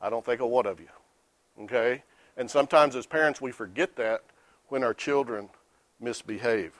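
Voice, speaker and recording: A man's voice: mid-range voice, normal speed, dry recording. Plainspoken man teaching a Bible class. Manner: plainspoken, reads scripture aloud then explains it. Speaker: Sunday school teacher.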